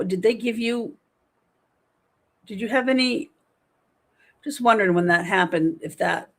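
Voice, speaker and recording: A woman's voice: medium pitch, creaky. Chatty middle-aged woman hosting a livestream. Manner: chatty, animated, reads chat aloud. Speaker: livestream host. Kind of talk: casual chat reading viewer comments.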